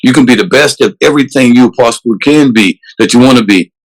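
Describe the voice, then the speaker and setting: A man's voice: medium pitch, fast, poor audio. A man, a police chief answering interview questions earnestly and emphatically, often restarting his sentences. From South Carolina, USA.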